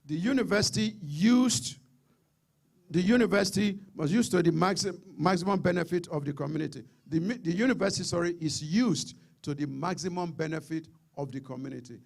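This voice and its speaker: A man's voice: sits high, brisk, gravelly, a little mellow. A middle-aged Nigerian man with a Nigerian accent, giving an emphatic public lecture and often repeating words. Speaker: seminar speaker.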